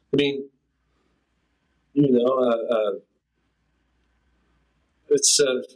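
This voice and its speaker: In this poor-quality recording, a drummer being interviewed, an older man, tells casual, rambling stories punctuated by laughter and scatted drum patterns. His voice sits on the high side with a slight roughness.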